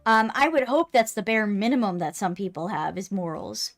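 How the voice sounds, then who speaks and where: A woman chats casually as she plays a cozy game, gushing and reading lines aloud. Her voice sits at an ordinary pitch. Faint game music plays underneath. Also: lively intonation, normal speed, few pauses. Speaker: streamer.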